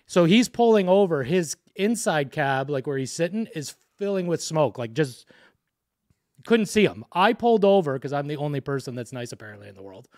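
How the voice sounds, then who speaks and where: A man's voice: a little high, normal speed, no echo, studio quality. A man co-hosting a podcast, telling a story in casual chat and swearing freely. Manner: animated storyteller, swears a lot. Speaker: podcast co-host.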